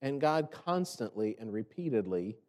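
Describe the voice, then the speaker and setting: A man's voice: mid-range voice, very animated, normal speed, darkish tone, big-room sound. A man preaching a sermon in a conversational way, asking rhetorical questions and acting out the complaints he quotes. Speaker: pastor.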